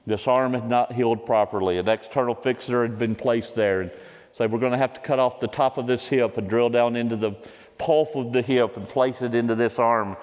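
A man in his fifties delivers a sermon as personal testimony, pressing hard and rising into loud, pleading cries. His voice has an ordinary middle pitch for a man. It carries a long reverb off the walls of a large hall. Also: steady tone, brisk. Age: 50s. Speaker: preacher.

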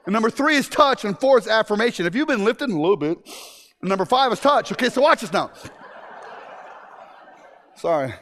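A man with a high, light voice delivers a sermon to a congregation. He jokes and teases, breaks into sudden shouts, then drops to quiet, urgent asides. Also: fairly quick, pauses often, slight background noise. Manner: animated and joking, with sudden shouts and hushed asides. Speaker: preacher.

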